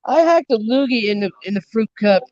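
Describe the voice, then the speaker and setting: A man's voice: high-pitched, expressive, a little fast, darkish tone, dry recording. Gossiping man guest on a livestream; dull, dry sound. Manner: gossipy, crude. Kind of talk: casual livestream chat.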